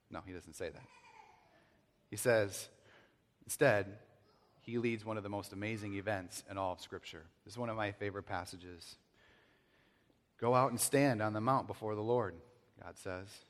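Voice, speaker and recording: A man with a low voice delivers a sermon that ringingly echoes through a large reverberant space. He acts out scripture passages with loud, pleading outbursts. Then he drops to a hushed, reverent tone. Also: normal speed. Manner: dramatic, swings from loud acted pleading to hushed reverent tones. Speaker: pastor. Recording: long hall reverb.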